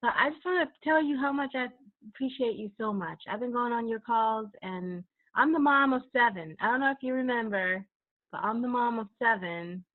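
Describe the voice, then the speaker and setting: A gushing woman in her thirties speaks at a fairly high pitch over a tinny, phone-like line. She laughs often and fights back tears as she talks from home. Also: moderate pace. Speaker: caller. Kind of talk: emotional call-in thanks. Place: home, dim room.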